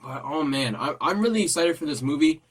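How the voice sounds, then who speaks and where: A man's voice: on the high side, animated, fairly quick, husky. Rambling man reacting casually. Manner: rambling, repeats himself, thinks aloud. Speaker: host reacting to a trailer. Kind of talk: casual chat.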